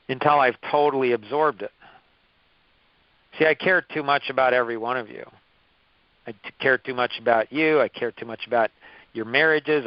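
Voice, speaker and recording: A man's voice: medium pitch, no room sound. Emphatic man in his fifties, lo-fi. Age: 50s. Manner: emphatic and repetitive, restarting phrases. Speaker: course leader. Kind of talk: motivational talk with personal stories.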